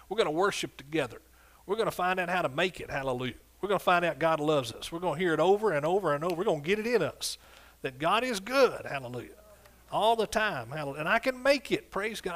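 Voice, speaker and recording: High-voiced preacher shouting hallelujahs. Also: male voice. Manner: exuberant, frequent hallelujahs and whoops; sings scripture in a slow drawn-out way. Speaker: pastor. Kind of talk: sermon. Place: church sanctuary.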